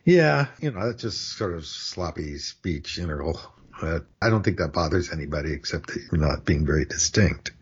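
An older American man explaining word usage in a measured, dryly witty way in a casual podcast chat. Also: sits low, animated, husky. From United States. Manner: measured, dry wit, explanatory. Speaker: language expert, co-host. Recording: dull lo-fi sound.

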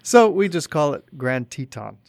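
A man's voice: a little high, big pitch swings, normal speed. A man from the United States co-hosting a podcast, chiming in with short wry asides in casual chat. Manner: brief interjections and wry asides. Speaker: podcast co-host.

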